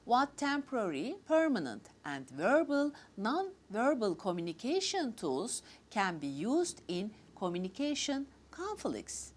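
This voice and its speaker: A woman hosting a talk, reading prepared formal remarks in a measured, list-like way. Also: fairly high pitch, huge pitch swings. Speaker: host.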